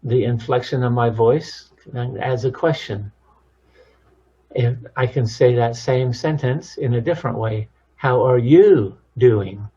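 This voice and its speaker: A man talking as a counselor, teaching about relationships in a calm, measured way. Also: mid-range voice, slightly rough, muffled recording. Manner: calm, measured, demonstrates tones of voice. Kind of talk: instructional talk on relationships.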